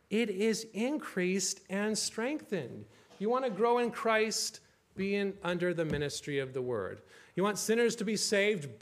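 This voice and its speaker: A man with a notably high voice preaches a sermon as a pastor. He drives his points home emphatically, pressing the congregation with rhetorical questions. When he reads scripture aloud he slows to a measured pace.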